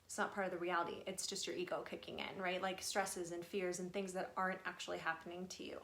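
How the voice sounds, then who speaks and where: A woman's voice: on the low side, little pitch movement, fast, a bit bright, reverberant. A woman speaking casually and earnestly, passing on messages from her spiritual guides and swearing now and then. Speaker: spiritual channeler. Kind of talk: casual channeling talk.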